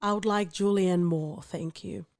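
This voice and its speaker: A woman's voice: on the low side, fairly even intonation, measured pace, gravelly, darkish tone, no echo, studio quality. A woman with an Australian accent hosting a podcast, chatting in a playful, teasing way. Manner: playful, teasing, laughs often. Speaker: podcast host. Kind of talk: casual podcast chat.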